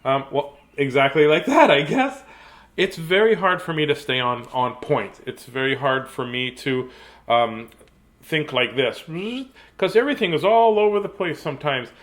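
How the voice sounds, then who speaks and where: A man's voice: a little high, expressive, normal speed, a bit bright. A middle-aged man hosting a live-streamed children's storytime, chatty and playful, easily sidetracked and greeting young viewers by name. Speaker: children's book reader and show host.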